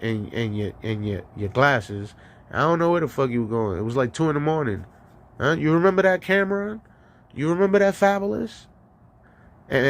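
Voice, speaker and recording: A New York man hosts a solo live stream in a mid-range voice, with slight background noise behind him. His ranting monologue is profane and full of stories, and he stammers through repeated restarts.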